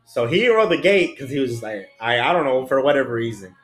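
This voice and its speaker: A man's voice: mid-range voice, big pitch swings, fast, fairly bright tone. Man, ex-prison officer, casual swearing storyteller, echoey room, faint music underneath. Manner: blunt, profane, street slang. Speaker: podcast guest, former prison officer. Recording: roomy echo, faint music.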